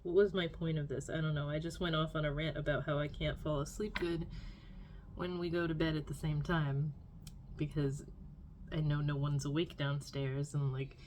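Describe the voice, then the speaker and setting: A woman's voice: sits low, little pitch movement, moderate pace, a little mellow, a little hiss or hum. A young adult woman vlogging at home, rambling and complaining in a casual diary style with lots of filler words.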